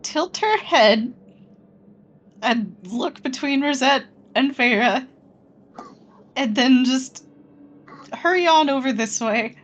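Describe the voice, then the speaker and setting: A woman describes her character's moves in a tabletop game, taking her time over each phrase. Her voice is high and her pace very slow. A faint hiss runs behind her. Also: lively intonation, lo-fi sound. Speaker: player. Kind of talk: casual tabletop chat.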